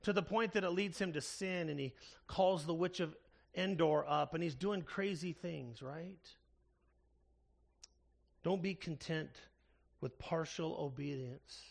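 Pastor guy preaching, kinda high voice with a gravelly edge, slows way down to hit the big points. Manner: earnest preaching with slow emphatic stresses. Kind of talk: sermon.

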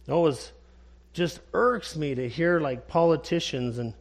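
A man preaching a sermon, emphatic and repetitive, clearing his throat now and then. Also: fairly high pitch. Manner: emphatic, slow preaching with repeated phrases. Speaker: pastor.

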